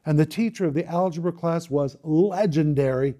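A man preaching, telling his own story dramatically, with quick bursts and slow, emphatic lines. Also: on the high side, dark tone. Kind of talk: sermon testimony storytelling.

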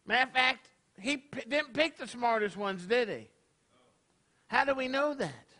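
A man's voice: very high-pitched, lively intonation, measured pace, sharp tone. A man, a rabbi preaching a casual, conversational sermon to his congregation, tossing out rhetorical questions. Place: congregation hall.

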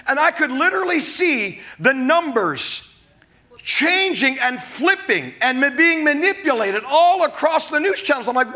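A man's voice: lively intonation, a little fast, sharp tone. A man preaching a sermon at a church service, emphatic and fiery, repeating words as he gets worked up. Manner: fiery, emphatic preaching with sudden high bursts. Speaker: pastor.

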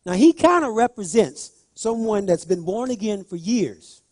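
Lively male preacher, high voice, talks straight to the congregation with loud emphatic bursts. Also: moderate pace, dry recording, studio quality. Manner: animated, repeats phrases, rises to loud emphatic bursts. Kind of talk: sermon.

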